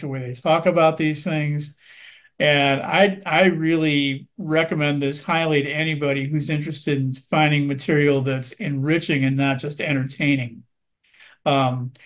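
A male film critic with a slightly high voice gives a measured, earnest review. He often pauses on ums and uhs while weighing his words.

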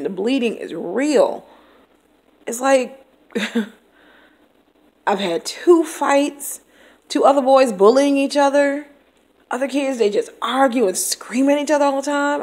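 A woman's voice: a little high, darkish tone. A woman teacher venting in a candid vlog, exasperated and blunt, laughing often and cursing.

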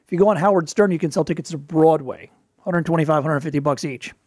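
A man hosting a show, giving casual advice in a wry storytelling way, with quick asides. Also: a little high, a little mellow, slightly rough, no echo, studio quality. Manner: quick asides and playful put-on voices for quotes. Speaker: podcast host, performer.

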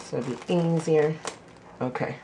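A man vlogging casually, with a rambling, excitable and jokey way of talking, filmed on a handheld camera in a car and then at home. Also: a little high, measured pace, noisy background. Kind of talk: casual vlog chat. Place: in a car, then indoors at home by a fish tank.

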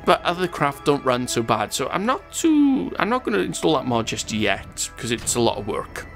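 A man talks casually through a space game session, his pitch sitting in an ordinary middle range. He rambles from one thought to the next and laughs at his own asides. Faint game music plays underneath. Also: big pitch swings, normal speed, creaky, a bit bright. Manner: chatty and rambling, chuckles at his own jokes. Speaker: gaming channel host. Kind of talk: casual gameplay commentary reading viewer comments.

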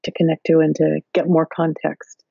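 A woman's voice: deep voice, completely flat delivery, normal speed, gravelly, warm tone, slightly rough, no room sound, highs cut off. A woman guest on a podcast, talking over a video call, explaining ideas in careful steps with many fillers. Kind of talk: explanatory interview talk.

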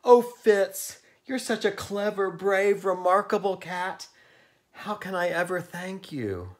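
A man doing a gushing, high-voiced old cat lady. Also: wildly swooping pitch, a little slow, breathy edge, full character voice. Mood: doting. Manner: high, sing-song and gushing. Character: fussy, doting old woman who owns a cat.

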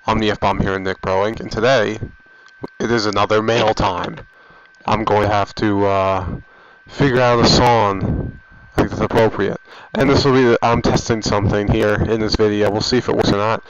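A man's voice: on the low side, steady tone, moderate pace, noisy background. A man vlogging about gaming and reading out viewer comments, in a rambling, offhand way; he is getting sick and talks into a headset mic. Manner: rambling and offhand, with frequent restarts. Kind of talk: casual chat reading comments. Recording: dull lo-fi headset audio.

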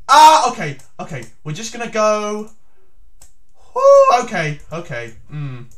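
A man giving theatrical, excited commentary on his own chess game as he plays, breaking into shouts. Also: high voice, measured pace. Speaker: chess YouTuber.

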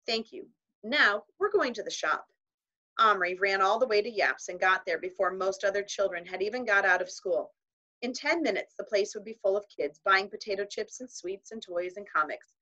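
A woman reads a children's novel aloud at an even storytelling pace. Her tone is bright and clear, and the recording is slightly muffled and lo-fi. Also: medium pitch. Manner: measured storytelling with voiced characters. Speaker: audiobook reader. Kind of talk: children's book narration.

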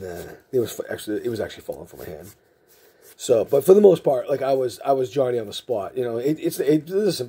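A man talks casually while he sorts cards for his vlog. He rambles, chuckles, and often restarts his sentences. His voice is mellow, with a husky edge. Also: mid-range voice. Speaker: trading card vlogger. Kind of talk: casual chat and storytelling.

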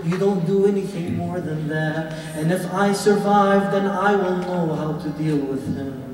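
Impassioned preacher in an echoey hall. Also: male voice, high-pitched, darkish tone, far from the mic. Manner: dramatic storytelling, rising to impassioned, then slow lament. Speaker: shaikh giving a Ramadan lecture. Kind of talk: sermon. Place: mosque or community center hall.

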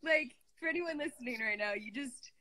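A woman's voice: on the high side, a little fast, sharp tone. A woman hosting a casual live chat on a video call, bubbly and giggly and full of "like". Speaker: host.

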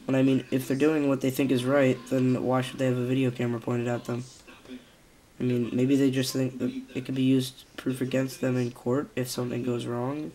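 A man's voice: mid-range voice, monotone, a little fast, warm tone. A young man with a nasal voice, a little sick, giving casual, hesitant spoken commentary on his video channel. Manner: hesitant, many fillers and restarts. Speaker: vlogger.

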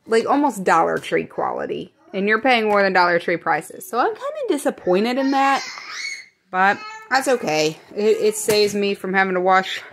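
A woman's voice: medium pitch, very animated, moderate pace, creaky, fairly bright tone, a little hiss or hum. A young woman in a casual home vlog, chatting in a rambling way and often correcting herself. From American Midwest. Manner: whispering. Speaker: vlogger. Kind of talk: casual grocery haul chat.

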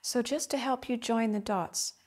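A woman teaching the flute, explaining gently and reflectively with vivid images. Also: fairly high pitch, moderate pace. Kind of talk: instructional explanation.

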